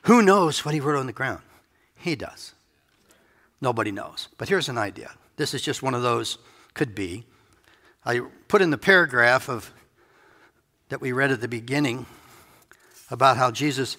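A man preaching a sermon in a gravelly, bright voice. He muses aloud and slips in playful asides. His voice rings out with long reverb in a church hall. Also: medium pitch, expressive, moderate pace, pauses often. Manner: conversational, musing, playful asides. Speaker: pastor.

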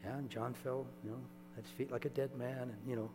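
A man preaching a sermon in a relaxed, conversational storytelling way, often checking in with his listeners. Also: mid-range voice, fast talker, music in the background. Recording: echoey hall with mains hum.

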